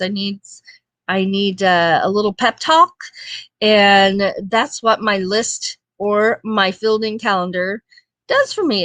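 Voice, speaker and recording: A woman's voice: mid-range voice, a bit bright, dry recording. A woman hosting a casual livestream chat show, reading viewer comments in a homey, chatty way and laughing often. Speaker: livestream talk show host.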